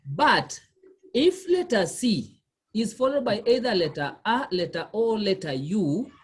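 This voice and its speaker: Woman tutor, husky voice, lively rise and fall, patient questioning. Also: mid-range voice, measured pace. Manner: patient, repeats questions to the learner. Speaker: language tutor. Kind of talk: one-on-one lesson.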